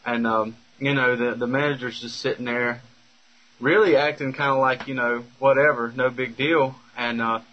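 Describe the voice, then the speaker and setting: A man's voice: mid-range voice, fairly even intonation, moderate pace, muffled recording, a little hiss or hum. A man speaking in an unscripted monologue, rambling with lots of fillers and restarts. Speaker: speaker recounting a personal story.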